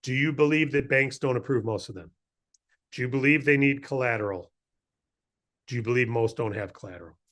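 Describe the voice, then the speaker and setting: A male trainer pitching to a room of brokers, energetic and persuasive, with a lot of repetition. His voice is mid-pitched and conversational. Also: brisk, long pauses. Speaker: business trainer. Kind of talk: motivational training talk with a fable.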